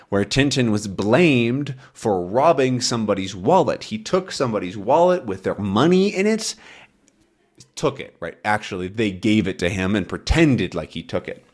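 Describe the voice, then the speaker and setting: Male English teacher walking learners through a comic: slow, clear, lively pitch, keeps asking "right?". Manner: slow, clear explaining with frequent "right?" checks.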